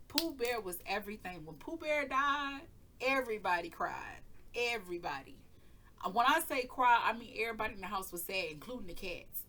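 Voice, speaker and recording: A woman's voice: mid-range voice, fairly bright tone. A woman hosting her channel, telling a rambling personal story in casual chat, laughing often and cursing freely. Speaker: tarot reading channel host.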